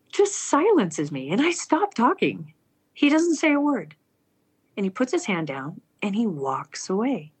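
Husky woman telling a personal story. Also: fairly high pitch, takes it slowly, long pauses. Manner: earnest, animated, acts out quoted speech. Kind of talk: personal story told aloud.

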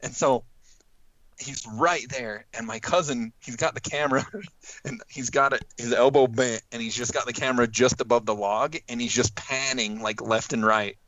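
A man's voice: mid-range voice, moderate pace, lo-fi sound. A man casually telling a hunting story, acting out quotes and laughing as he goes. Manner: animated, acts out quotes with laughs.

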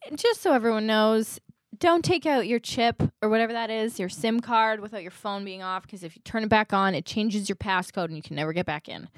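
A woman co-hosting a casual podcast, telling stories with lively acted-out quotes. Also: medium pitch, a little fast, dry recording. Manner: animated storytelling, acting out quotes. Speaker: podcast co-host. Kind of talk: casual chat.

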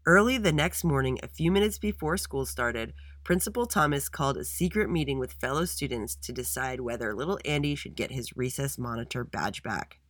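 Storyteller: a man narrating a kids' tale with an animated voice, dry booth sound. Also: mid-range voice, fairly quick, hardly any pauses, no echo. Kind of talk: reading a children's story aloud.

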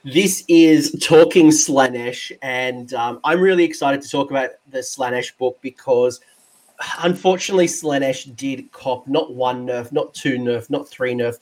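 A man's voice: medium pitch, unhurried. Chatty Australian man hosting. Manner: chatty, jokey, excitable. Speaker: podcast host and tabletop game coach. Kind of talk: casual chat.

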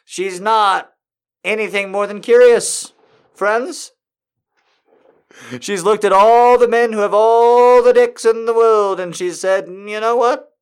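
A man reading a story aloud in a hushed voice and breaking off for rambling, laughing comic commentary. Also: high-pitched, steady tone, slow pace, pauses often, clean tone. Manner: rambling, laughs a lot, mock-exasperated. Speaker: reader and commentator.

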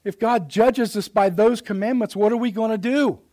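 High-voiced middle-aged pastor preaching. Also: male voice, moderate pace. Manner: swings from loud emphatic preaching to hushed quiet asides; plain folksy speech. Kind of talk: sermon. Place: church sanctuary.

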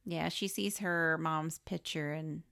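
Low, gravelly, lively woman co-host. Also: takes it slowly, no room sound, studio quality. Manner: wry, lively reactions with laughs. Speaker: podcast co-host. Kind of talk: casual movie recap chat.

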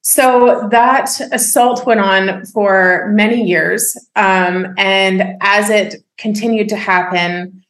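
A woman of middle pitch tells her own story candidly, keeping an upbeat, smiling tone through heavy material. Her voice rings in a roomy, echoing space. She is a guest in a conversational interview. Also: a bit bright. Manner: frank and upbeat, smiles and laughs while telling hard things. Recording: roomy echo.

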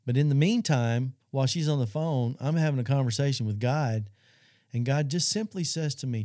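A man's voice: medium pitch, moderate pace, warm tone, dry recording, studio quality. A middle-aged man telling an earnest personal testimony on a Christian talk show, speaking straight to the audience. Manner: earnest storytelling, addresses audience.

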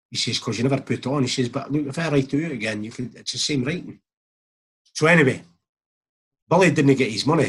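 With a medium-pitched, slightly rough voice, this former footballer from Scotland, middle-aged, rambles through a casual story. He keeps chuckling and quotes other people's words as he acts them out.

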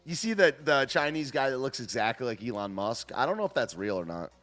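A man's voice: mid-range voice, expressive, fairly quick, a bit bright, faint music behind. A young man hosting a livestream, chatting casually about the news, joking and laughing often in slangy talk. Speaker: livestream host.

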